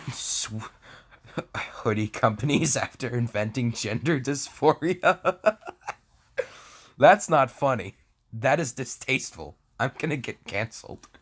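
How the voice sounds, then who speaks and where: For comedic effect, a young man with a mid-range voice reads a fan story aloud. He interrupts himself with sarcastic asides, laughs frequently and stumbles on words.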